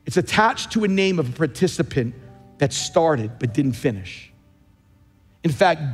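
A man's voice: a little high, very animated, takes it slowly, pauses often, slightly rough, soft background music. Emphatic preaching man in a big hall. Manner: emphatic, repeats key phrases. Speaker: pastor. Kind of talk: sermon. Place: large church.

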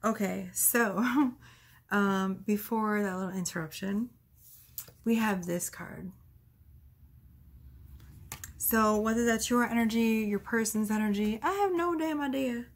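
Gravelly-voiced woman doing a casual tarot reading. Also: medium pitch, takes it slowly, pauses often. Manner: chatty, laughs often, swears casually. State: out of breath. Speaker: tarot reader. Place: at home.

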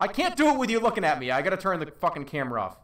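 A man's voice: sits high, big pitch swings, rapid-fire, a bit bright. A man in his thirties hosting an awards show on a live stream, talking casually with stammers, restarts and jokes.

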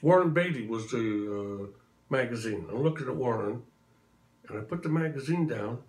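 A man's voice: medium pitch, lively intonation, moderate pace. A man in his sixties, a tribute performer, telling stories to the camera in a casual, chatty way. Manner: chatty anecdotal, acts out quotes.

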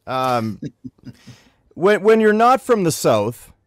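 A man's voice: a little high, big pitch swings, extremely slow, no room sound, clean studio sound. A man and musician delivering a comedic rant, sounding exasperated and breaking into chuckles between complaints. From Canada. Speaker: musician and regular ranter.

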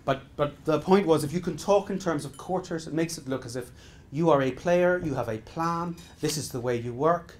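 A man's voice: fairly high pitch, moderate pace. A middle-aged man leading a business seminar, speaking emphatically in repeated exhortations with frequent restarts. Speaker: business trainer. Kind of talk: live seminar talk.

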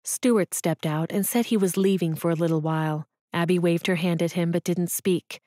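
Brief: woman audiobook narrator, calm and even, lowish voice, very dry close recording. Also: moderate pace, no echo. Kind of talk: scripted narration.

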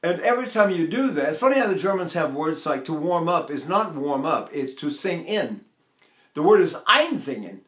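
An older man, a voice teacher, giving a vocal technique lesson in a rambling, digressive way and pausing to sing demonstrations. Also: a little high, big pitch swings, fairly bright tone. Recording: echoey room.

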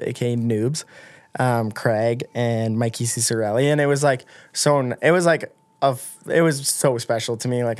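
A man in his twenties, a guest on a podcast, telling stories in a lively, casual way, full of filler words. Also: medium pitch, no echo. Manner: animated, lots of filler words, acts out quotes. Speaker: guest snowboarder. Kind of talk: casual storytelling. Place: podcast studio.

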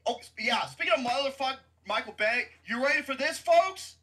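Man, podcast host, profane sports rant, loud and mocking, bright voice. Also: very high voice, animated, moderate pace.

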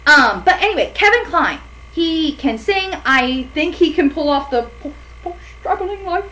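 High-voiced enthusiastic woman co-host. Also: big pitch swings, pushed and bright, low-quality recording. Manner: enthusiastic, quick to laugh. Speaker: podcast co-host. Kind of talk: casual chat about film casting.

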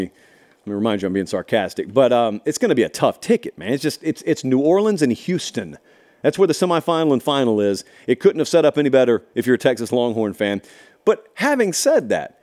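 A middle-aged man hosts a college football show and talks through a matchup on his own. He is emphatic and animated, and he slips in dry, sarcastic asides. His voice sits at an ordinary pitch. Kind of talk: solo sports analysis talk.

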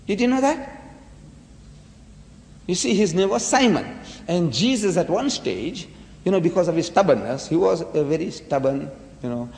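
A man's voice: a little high, a little mellow. A man giving a dramatic religious lecture full of rhetorical questions. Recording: echoey hall.

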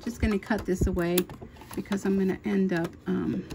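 A woman's voice: medium pitch, fairly even intonation, moderate pace, vocal fry. Chatty middle-aged woman over sewing machine hum. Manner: chatty, thinking aloud while she works. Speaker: sewing channel host. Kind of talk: casual machine-embroidery tutorial. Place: home sewing room. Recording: noisy home recording with machine hum. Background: sewing machine running.

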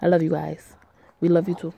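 A woman's voice: deep voice, level tone, fairly quick, gravelly, dark tone, slightly rough, dull audio. A woman reading a story game aloud with casual commentary, blunt and profane, talking back at the characters. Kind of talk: casual play-through commentary.

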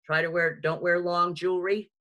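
A woman's voice: on the low side, lo-fi sound. A woman with a heavy New York accent teaching a beginner sign language lesson on a video call, chatty and frank with joking asides. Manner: lively, chatty and frank, with quick asides and self-mocking jokes. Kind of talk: live online lesson. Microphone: video call microphone.

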